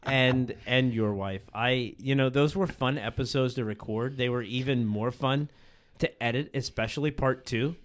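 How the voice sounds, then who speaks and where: A man's voice: mid-range voice, slight background noise. Laughing man co-hosting a podcast. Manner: laughs a lot, quick to agree. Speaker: podcast co-host. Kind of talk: casual chat.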